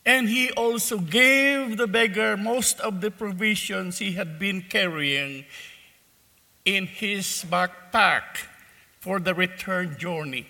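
A male preacher tells a parable to his congregation at a very slow, measured pace, in a high, strikingly bright voice. His words ring out with a long reverb from a large church. He tells the story in a deliberate way. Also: gravelly. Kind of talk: sermon with a told parable.

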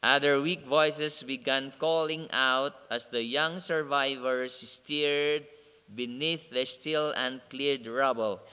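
A man preaching a sermon, telling a story slowly and deliberately. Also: medium pitch, pushed and bright, smooth. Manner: slow, deliberate storytelling delivery. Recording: long reverb of a large hall.

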